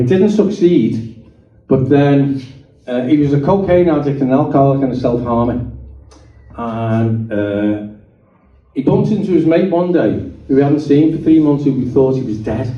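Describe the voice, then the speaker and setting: A man's voice: medium pitch, normal speed. A man giving his testimony to a live audience, telling stories animatedly and acting out the voices in them. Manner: animated storyteller acting out dialogue. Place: meeting hall. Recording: dull, roomy sound from a distant mic.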